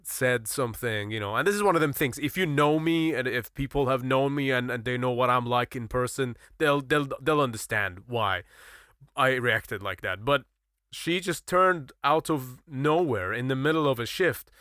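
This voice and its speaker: A man's voice: medium pitch, moderate pace, pushed and bright, no room sound, clean studio sound. A man on a podcast chatting casually, swearing freely and laughing often as he tells a story.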